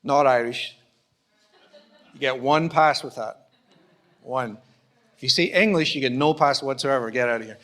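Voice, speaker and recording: With a medium-pitched, slightly bright voice, a Scottish pastor preaches at normal speed, pausing often. The sermon, set in a church auditorium, is conversational, with acted-out dialogues and self-deprecating jokes.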